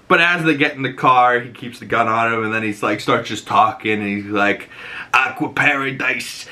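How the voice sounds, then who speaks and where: Bright-voiced man recapping a show. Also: mid-range voice. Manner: rambling, profane, excitable. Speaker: podcast host. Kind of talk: casual episode recap and reaction.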